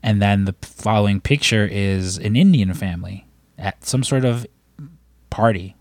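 Guy on a podcast rambling thru a story, swears, acts out quotes, lowish voice, dead dry mic. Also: a little slow, a little mellow, dry recording. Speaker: podcast co-host. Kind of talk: casual chat.

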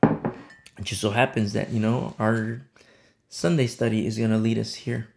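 A man's voice: lowish voice, fairly even intonation, a little slow, gravelly, a little mellow, slight background noise. A man pastor giving a conversational sermon, stressing points through repetition.

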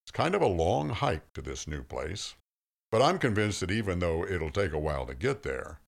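A man voicing a gruff, wisecracking male God who talks like a blunt boss, in a comic story reading. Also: low voice, very animated, normal speed, heavily acted. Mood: explaining. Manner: brash, commanding, slangy.

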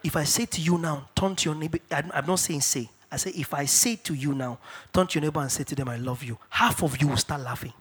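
A middle-aged man from Africa preaching a sermon in church, emphatic and repetitive, dropping to hushed asides and rising to shouted declarations. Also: a little high, fast, hardly any pauses, breathy edge. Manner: repeats key phrases for stress. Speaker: pastor.

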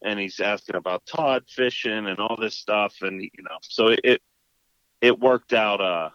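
A man with a low voice tells a story in casual talk and acts out each side of the argument. The recording is dry and a little dull. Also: moderate pace, clean tone, no room sound. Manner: animated, acts out both sides of the exchange.

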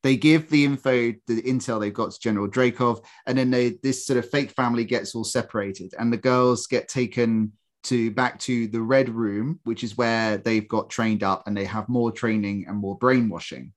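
A podcast co-host talks casually about a film, laughing often and cracking sarcastic jokes. He speaks at a moderate pace with a medium-pitched, steady voice.

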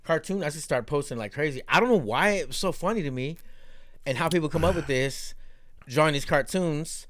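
A man's voice: a little high, lively intonation, a little fast, a bit bright, dry recording, clean studio sound. A man co-hosting a casual podcast chat who laughs a lot and retells funny clips, swearing freely. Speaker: podcast co-host.

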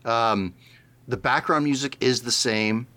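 A man's voice: mid-range voice, a little slow, sharp tone. A man co-hosting a podcast, explaining things in casual chat and laughing easily. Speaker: podcast co-host.

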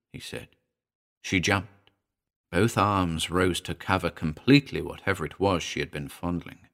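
A man narrating a short horror story in a dramatic reading, moving between hushed and urgent delivery. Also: deep voice, vocal fry.

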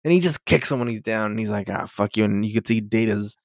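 A man's voice: lowish voice, fast talker, creaky, no echo. Guy on a podcast recapping a show, swears constantly, does the lines himself, dry sound. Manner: profane, animated, acts out quotes. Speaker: podcast co-host. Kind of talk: casual chat recapping a TV episode.

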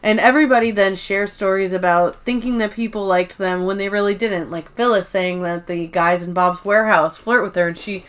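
A woman's voice: mid-range voice, fairly even intonation, a little fast, few pauses, smooth. A woman co-hosting a podcast, casually recapping a show and rambling through scenes with swearing. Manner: rambling, swears, quotes characters. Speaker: podcast co-host.

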